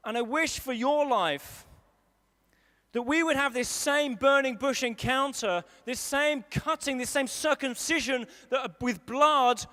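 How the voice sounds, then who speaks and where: A man's voice: very high voice, a little slow, pushed and bright. A man preaching a sermon in a conversational way, driving points home by repeating them, at a live service in a large hall. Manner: conversational, emphatic repetition.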